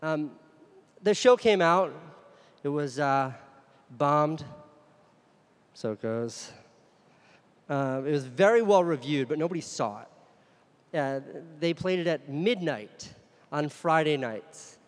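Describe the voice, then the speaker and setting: A man speaking to a conference crowd in a frank, self-deprecating way, his voice sitting a touch higher than most men's. His words ring out with the long tail of a big hall. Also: animated, slow, long pauses. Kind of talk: candid storytelling keynote.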